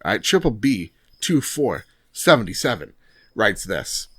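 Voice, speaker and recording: Guy cohosting a gaming podcast, jokey, reads reviews out loud, dry close sound. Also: fairly low pitch, big pitch swings, measured pace, dry recording. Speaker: podcast co-host. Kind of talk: casual podcast chat.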